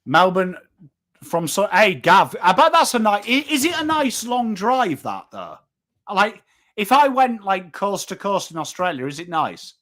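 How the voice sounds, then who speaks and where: Hosting a football watchalong stream, this English man in his thirties speaks with a northern accent in a high-pitched, sing-song, fairly bright voice, a little slow. He's chatty and rambling, swears offhandedly, and reads viewers' chat names aloud.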